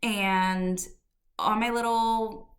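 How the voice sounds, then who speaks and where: A woman's voice: medium pitch, steady tone, very slow. A woman podcast host telling a personal story in a candid, reflective way, with fillers and restarts. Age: adult.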